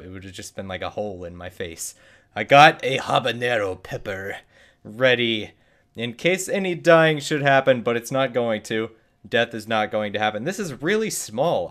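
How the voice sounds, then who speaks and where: A man's voice: medium pitch, fairly bright tone. A man streaming a video game live, chatting in a rambling, playful, self-mocking way. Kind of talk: live-streamed gameplay chat.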